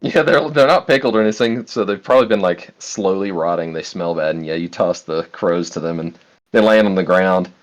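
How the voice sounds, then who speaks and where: A man's voice: low-pitched, brisk. A young man narrating as game master of a tabletop game, laid-back and often laughing, with loose fillers.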